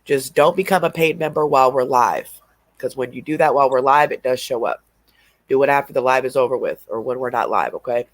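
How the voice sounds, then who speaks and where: A man hosts a casual livestream, stuffy and sniffling from allergies. He rambles in a drawl at an everyday pitch. His voice sounds close and dry, with no room around it. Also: fairly quick, no echo. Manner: rambling, drawling, laughs between remarks. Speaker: livestream host.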